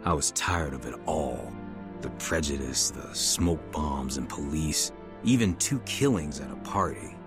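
A middle-aged man calmly narrating his own life story as a testimony. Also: extremely low pitch. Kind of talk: testimony narration over music. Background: music.

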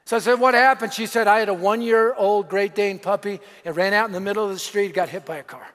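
High-voiced energetic male preacher. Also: fast, in a large hall. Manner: energetic, emphatic, acts out quoted voices. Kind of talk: sermon with storytelling.

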